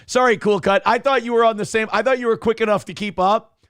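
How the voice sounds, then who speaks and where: A man hosting a live show, reading chat donations in a loud, joking manner with sudden shouts and low asides. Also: steady tone, fast talker, clean tone, no room sound, clean studio sound. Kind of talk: casual livestream chat.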